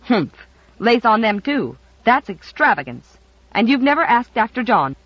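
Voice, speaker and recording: Storybook character: reader voicing a nosy, scolding old grandmother, blunt and lively, dry, dull audio. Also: medium pitch, a little slow, no room sound. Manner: sharp, critical, blunt.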